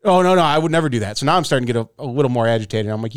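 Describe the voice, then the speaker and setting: A man's voice: mid-range voice, expressive, very fast, clear, resonant tone, no room sound, studio quality. A man on a casual podcast, telling a story and acting out every side of the argument, swearing freely. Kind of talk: casual chat.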